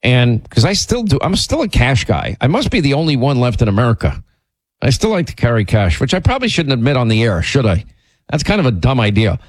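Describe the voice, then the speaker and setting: A man hosting a radio talk show, rambling and teasing in casual on-air banter, his voice jumping high when he gets exasperated. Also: big pitch swings, fairly quick, dry recording.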